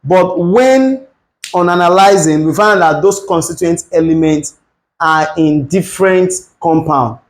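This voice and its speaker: A man's voice: on the high side, a little slow, rough recording. A man teaching an exam-prep chemistry lesson, working through calculations step by step and repeating key points. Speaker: chemistry tutor.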